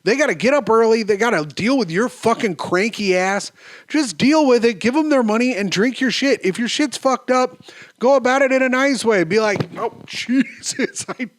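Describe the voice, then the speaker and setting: A man in his thirties hosting a solo podcast, riffing on listener stories in an animated, profane way with sudden sing-song jumps, his voice going a bit hoarse. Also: extremely high pitch, normal speed, no echo. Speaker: podcast host.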